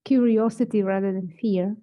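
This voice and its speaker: Soft-toned woman guiding gently. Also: medium pitch, normal speed, poor audio. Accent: Lithuanian. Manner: calm, encouraging, gently prompting. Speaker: self-inquiry guide. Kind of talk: guided inquiry session.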